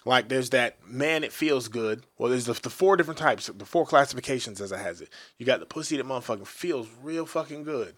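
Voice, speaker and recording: A young man co-hosting a podcast, telling crude stories in a profane, animated way with sudden jumps in his voice. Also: mid-range voice, fairly quick, few pauses. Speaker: podcast co-host. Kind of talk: crude comedic podcast banter.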